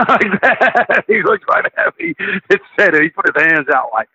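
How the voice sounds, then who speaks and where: A man's voice: sits high, big pitch swings, a little slow, pushed and bright, slightly rough, no room sound. A man, a guest telling rambling stories in a casual interview, circling back on himself. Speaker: guest, former wrestler. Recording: tinny phone line.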